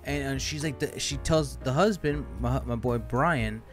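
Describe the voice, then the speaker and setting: A man's voice: mid-range voice, a little slow, faint music behind. A man co-hosting a casual podcast chat, telling a rambling story with lots of swearing and laughter. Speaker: podcast co-host.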